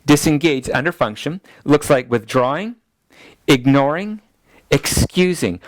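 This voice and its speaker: A middle-aged man, a pastor, teaching a class in a relaxed, chatty way and laughing at his own family stories. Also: fairly high pitch, measured pace, no echo. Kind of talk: teaching lecture with family anecdotes.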